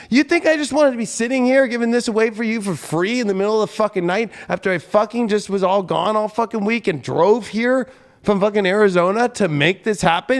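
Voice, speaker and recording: A man hosting a tarot and astrology livestream, ranting at his viewers in an angry, heated, profane way. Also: sits high. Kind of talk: livestream rant.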